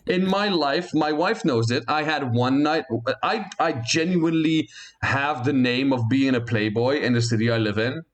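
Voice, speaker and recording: A man hosting a podcast in casual chat, joking and animated, from Belgium. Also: moderate pace. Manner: animated, jokey, often jumps up in pitch. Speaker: podcast host.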